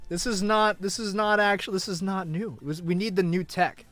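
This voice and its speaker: A young man chatting casually on a live stream, talking to his chat, moving between mock outrage and low mumbling asides. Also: fairly even intonation, fairly quick, fairly bright tone, no room sound, faint music behind. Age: young adult.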